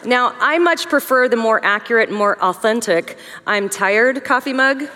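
Middle-aged woman speaker, chatty and joking, slightly high voice, reverberant large hall. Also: measured pace, slight background noise. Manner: conversational, joking asides, lively emphasis. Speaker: women's conference speaker. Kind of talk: humorous teaching talk.

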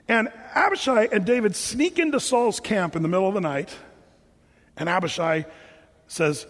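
A high-voiced man preaches a sermon and acts out each scene as an animated storyteller. He speaks in a church sanctuary with a long hall reverb. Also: moderate pace. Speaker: pastor.

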